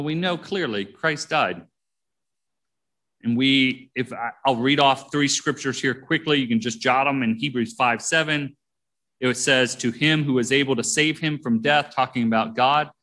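A man's voice: mid-range voice, bright, forceful tone. A man preaching a sermon, reading verses aloud and commenting on them between readings in a plain, conversational way.

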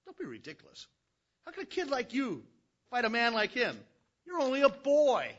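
A man's voice: very high voice, wildly swooping pitch, moderate pace, fairly bright tone, dull audio, voice pushed up, full character voice. A man voicing an older king who dismisses a boy with incredulous scorn, in a sermon retelling. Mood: dismissive.

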